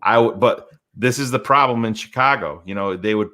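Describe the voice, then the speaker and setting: A man's voice: on the low side, brisk, sharp tone. A man co-hosting a casual sports talk stream, confident and blunt, with the odd curse. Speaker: co-host.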